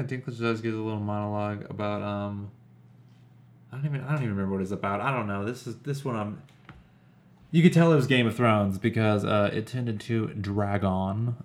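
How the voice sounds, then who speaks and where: Low gravelly man rambling jokingly. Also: a little fast. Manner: rambling, hedging, sarcastic asides. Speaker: podcast co-host. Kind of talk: casual comedic recap chat.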